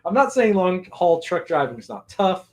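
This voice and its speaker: A man's voice: sits high, big pitch swings, moderate pace, a little mellow. A man hosting a casual movie commentary podcast, laughing often and rambling through asides. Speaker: podcast host.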